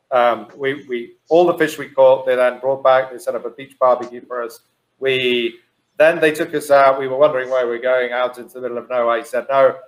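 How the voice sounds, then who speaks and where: Hotel executive, male, mid-pitched, measured and a little hesitant. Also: rough recording. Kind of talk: casual roundtable chat. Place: Dubai.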